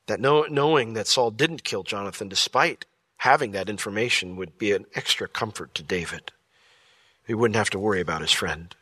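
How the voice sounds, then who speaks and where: Pastor giving a conversational sermon, bright and close in a dry room. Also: male voice, fairly low pitch, normal speed, slightly rough, no room sound. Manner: lively, conversational, with jokey asides and acted-out quotes.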